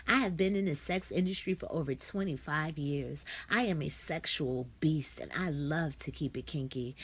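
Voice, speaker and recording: Chatty woman hosting a live podcast. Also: lowish voice. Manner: chatty, greets live viewers by name, laughs often. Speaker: podcast host. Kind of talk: casual live-streamed podcast chat.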